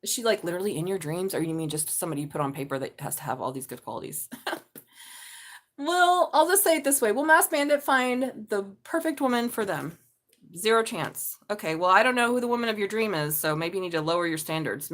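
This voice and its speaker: A woman's voice: fairly low pitch, lively intonation, fairly quick, fairly bright tone. Blunt, chatty woman tarot reader. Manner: blunt and chatty, swears freely. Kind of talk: casual live-stream tarot reading.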